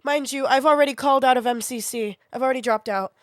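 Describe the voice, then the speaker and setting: A woman's voice: high-pitched, dry recording. Young woman, sick, sore throat, blunt, swears a lot, casual stream chat, dry sound. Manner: blunt, swears often, quick to vent.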